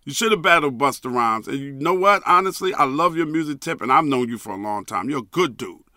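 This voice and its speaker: Man for a solo podcast rant: lively, swooping delivery, profane and emphatic, dry close sound. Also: mid-range voice, fairly quick, no echo. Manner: repeats a catchphrase. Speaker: podcast host.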